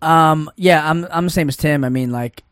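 A man in a casual group chat, chiming in quickly with short remarks. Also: on the high side, a bit bright, clear, resonant tone, no room sound, clean studio sound.

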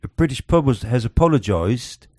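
Joking podcast host, dry sound. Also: male voice, medium pitch, animated, moderate pace, a little mellow, no room sound. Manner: joking, rambling, reads news aloud. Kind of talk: casual comedy podcast chat.

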